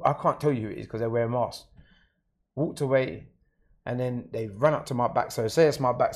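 A man's voice: medium pitch, a little mellow. A man with a London accent, a guest in an interview, recounting his own experience in a plain, matter-of-fact way. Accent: London English. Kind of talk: personal story in an interview.

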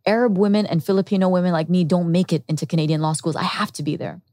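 A woman's voice: on the low side, fairly even intonation, quick pace, a little mellow, no echo. Earnest woman telling her life story. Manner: earnest and reflective, with quoted inner thoughts. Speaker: podcast guest. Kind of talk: candid personal storytelling.

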